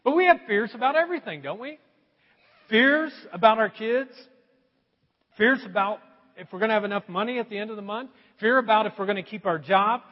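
A middle-aged male pastor preaching a sermon, swinging between loud emphasis and quiet asides. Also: high voice, fairly quick. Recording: dull, echoey hall sound.

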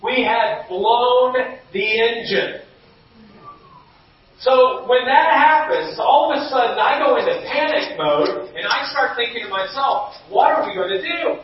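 A man's voice: extremely high pitch, lively intonation, slow pace, slight background noise. A middle-aged man preaching a sermon as pastor, telling stories and acting out quotes. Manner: storytelling with acted-out quotes, rising to shouts. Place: church sanctuary. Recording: dull, echoey hall from far off.

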